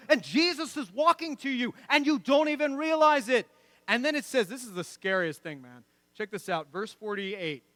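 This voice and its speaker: A man preaching a sermon in a lively, conversational way, often breaking into laughter and casual asides to the congregation. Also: very high voice, dry recording. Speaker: pastor. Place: church.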